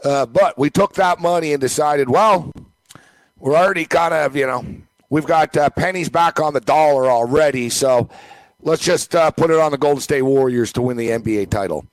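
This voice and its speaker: A man's voice: fairly high pitch, normal speed, no room sound, low-quality recording. A man co-hosting a casual sports talk show, ranting emphatically and rambling with lots of fillers.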